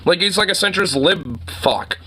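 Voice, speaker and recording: A man's voice: high voice, animated, moderate pace, bright, forceful tone, husky. A man delivering a profane political rant, rambling through many filler words and breaking into mocking laughter. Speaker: online commentator.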